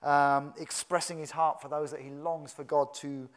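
A man's voice: a little high, flat delivery, normal speed. A man preaching a sermon as pastor, earnest and conversational, with asides to the congregation.

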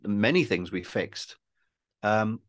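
A man, a film director and guest, talking in a casual interview, rambling and self-deprecating, halting and restarting often. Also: on the low side, expressive. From Wales.

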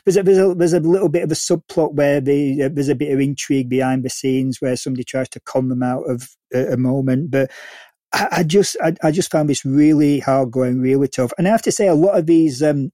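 A man's voice: fairly high pitch, fairly quick, mellow, no room sound, clean studio sound. A man giving a casual, blunt film review, stumbling and repeating words as he goes.

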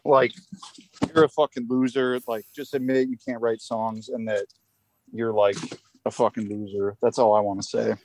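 A man's voice: medium pitch, flat delivery, moderate pace, a little mellow, a little hiss or hum. A man talking as a podcast guest in casual chat, rambling and swearing a lot, with self-deprecating jokes. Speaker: podcast guest, musician in a band.

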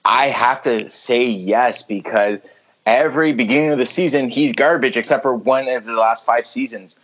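A man co-hosting a casual sports chat, telling quick animated stories and swearing freely. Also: mid-range voice. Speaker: podcast co-host. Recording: dull lo-fi audio.

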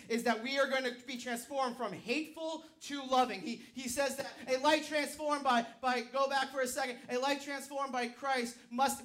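High bright-voiced male pastor preaching. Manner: preaching, rising to shouts, then quiet asides. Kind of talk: sermon with a live object lesson.

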